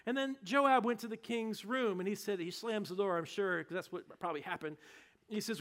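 Guy preaching, high voice, chatty jokey bible storytelling. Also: a little fast, fairly bright tone. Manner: casual, joking storytelling. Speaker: pastor. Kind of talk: sermon.

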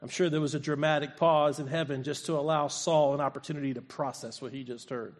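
A man's voice: fairly high pitch, fairly even intonation, fast talker. A male pastor preaching a sermon, retelling a scripture story and acting out its voices. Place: church sanctuary.

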